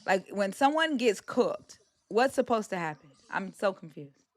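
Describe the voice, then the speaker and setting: A woman's voice: medium pitch, expressive, measured pace, no echo. A woman hosting a live stream, talking in a brash, profane, taunting way. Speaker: livestream host. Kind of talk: heated live-stream rant.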